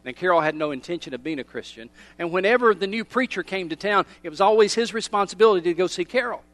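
A middle-aged male pastor delivers a sermon in a fairly high voice. He leans hard on key words, then drops to quiet, slowed lines, and he keeps the congregation close with direct questions. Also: expressive, no room sound. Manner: emphatic, swings from loud to hushed.

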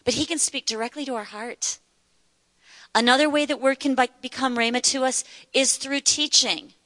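A woman's voice: high voice, fairly even intonation, normal speed, sharp tone, no room sound, in a large hall. A woman giving an earnest sermon-style Bible teaching at a church meeting, repeating words for emphasis.

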